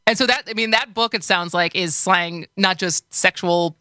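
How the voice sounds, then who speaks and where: A woman's voice: lowish voice, normal speed, pushed and bright, no echo, studio quality. A woman with a Wisconsin accent co-hosting a radio talk show, chatting loosely and giggling often. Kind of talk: casual radio chat.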